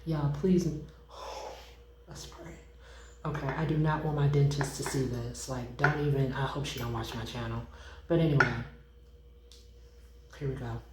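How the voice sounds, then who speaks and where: A young woman chatting casually to viewers while cooking and tasting food in her home kitchen, excitable and informal. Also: extremely low pitch, normal speed, echoey room, background noise.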